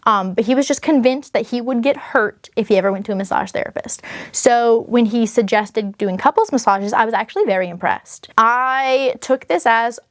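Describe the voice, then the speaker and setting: A woman's voice: on the high side, normal speed, dry recording, clean studio sound. A young woman telling a personal story in a casual, chatty way, full of fillers and self-conscious asides. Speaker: vlogger.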